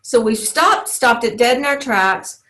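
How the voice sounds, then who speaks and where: A woman's voice: on the high side, expressive, a little slow, sharp tone. A woman teaching a motivational teleclass as a life coach, in an earnest, encouraging way. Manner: earnest, encouraging, often acts out inner self-talk.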